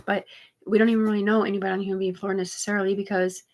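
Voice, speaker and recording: A woman talks live to her stream in a loose, rambling monologue. Her delivery is agitated and full of swearing. Her thoughts tumble over each other in quick digressions. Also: medium pitch, level tone. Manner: rambling, profane, rapid digressions; agitated, repeatedly says "dude". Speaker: livestreamer.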